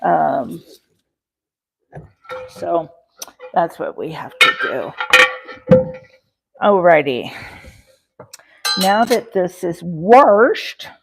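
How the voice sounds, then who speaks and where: A woman's voice: on the low side, expressive, very slow, vocal fry, long pauses, background noise. A woman hosting a casual cooking livestream from her home kitchen, chatty and rambling, full of fillers and talking to her chat. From Rocky Mountains, USA. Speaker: livestream host.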